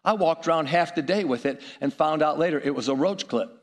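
A man's voice: a little high, brisk, a little hiss or hum. Chuckling man preaching a story sermon. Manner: storytelling, chuckling, audience asides.

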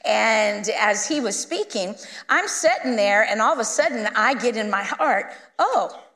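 A woman guest minister telling a story in a sermon, lively and conversational, acting out the people she quotes. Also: fairly high pitch, normal speed, in a large hall. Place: church sanctuary.

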